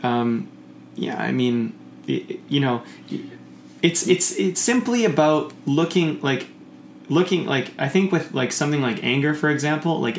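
A man talking in casual conversation, rambling and animated, often swearing and acting out the voices he quotes. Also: medium pitch, creaky. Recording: echoey room with faint noise.

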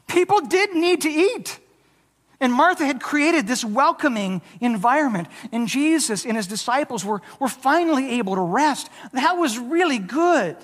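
An earnest preacher delivers a sermon, stumbling into quick restarts and acting out quoted lines with a changed voice. The voice rings out through a church sanctuary with a long, trailing reverb. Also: medium pitch, a bit bright. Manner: earnest, with frequent stammered restarts.

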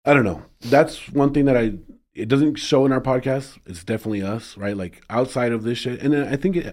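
A man's voice: mid-range voice, fairly quick, a little mellow. A young man co-hosting a podcast in casual chat, laid-back and profane, laughing often as he tells stories. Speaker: podcast co-host.

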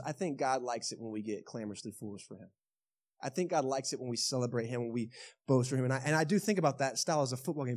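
A man in his thirties with a Texan accent, preaching a lively sermon to his congregation and asking them questions as he goes. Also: medium pitch. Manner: lively storytelling with bursts of shouting; conversational, asks the congregation questions. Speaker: pastor. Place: church sanctuary.

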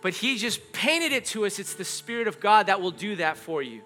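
A man's voice: sits high, sing-song, normal speed, sharp tone, soft background music. A middle-aged male pastor giving an earnest, conversational sermon, often repeating his phrases.

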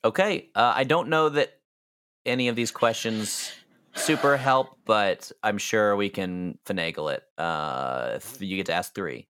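A man running a tabletop game as game master, relaxed and quick to laugh. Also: on the low side, a little hiss or hum.

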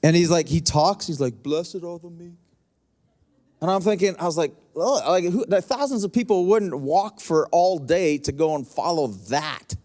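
A man preaches from the pulpit in a high, bright-edged voice. He drives his points home with repetition and speaks straight to his listeners, swinging between quiet asides and forceful emphasis. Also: lively intonation, normal speed, few pauses. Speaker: pastor. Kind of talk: sermon.

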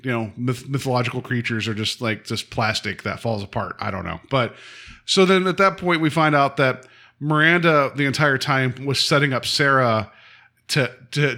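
Brief: man, bright, forceful voice, loose rambling podcast chatter. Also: mid-range voice. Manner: rambling, lots of fillers, acts out quotes with laughs. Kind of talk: casual recap chat.

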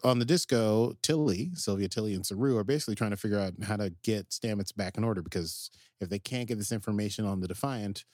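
A man's voice: fairly low pitch, fast talker, few pauses, darkish tone, no room sound, clean studio sound. Man rambling through a show recap. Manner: rambling, filler-heavy retelling with acted-out quotes. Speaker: podcast co-host. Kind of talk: casual chat recapping an episode.

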